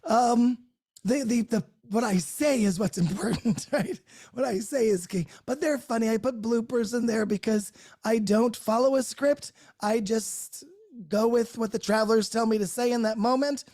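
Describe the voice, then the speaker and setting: A woman's voice: a little high, normal speed, mellow. Chatty, laughing woman hosting a group call. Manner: chatty and effusive, laughs often, restarts words. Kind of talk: casual unscripted chat to a live group. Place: her own home, great room by a Christmas tree.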